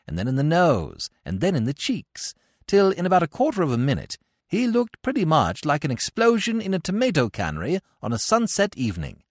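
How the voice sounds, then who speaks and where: Lively male storyteller, very animated pitch, dry close studio sound. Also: no echo. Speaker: narrator. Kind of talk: audiobook reading of comic fiction.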